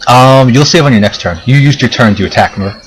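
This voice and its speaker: A man as game master, explaining rules in a relaxed way with many fillers. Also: medium pitch, quick pace, soft background music, poor audio. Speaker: dungeon master. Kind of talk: running a tabletop game.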